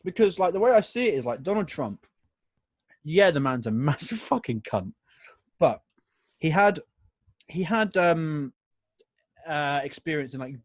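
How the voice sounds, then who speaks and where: Young male podcast co-host, slightly high voice, animated, casual and sweary, dry recording. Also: no echo. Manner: laughs often, swears freely. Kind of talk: casual chat, reading news aloud.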